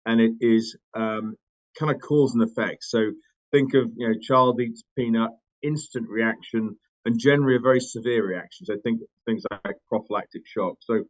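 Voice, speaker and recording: A British man with a mid-range voice talks through his work as a podcast guest. He is thoughtful, pausing on ums and rephrasing as he goes. The audio sounds a little muffled. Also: mid-range voice. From United Kingdom. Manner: thoughtful, many fillers and restarts. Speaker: company co-founder, guest. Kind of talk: conversational interview.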